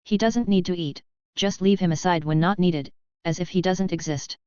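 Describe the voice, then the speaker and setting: A blunt, indifferent young man from a storybook speaks in short, offhand orders, read by a woman in her own low, smooth voice. The sound is dry and slightly dull. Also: moderate pace, dark tone, no echo, close to an everyday voice. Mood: curt. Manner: curt, offhand. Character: cold, blunt young male fighter.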